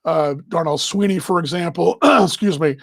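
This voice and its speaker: A man with a high, dry voice hosts a casual baseball live stream. He rambles warmly, restarts his sentences and gets emotional. His voice sits right on a close microphone with no room sound. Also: moderate pace, vocal fry, no echo. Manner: rambling, emotional, talks while handling gear. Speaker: baseball broadcaster hosting a live show.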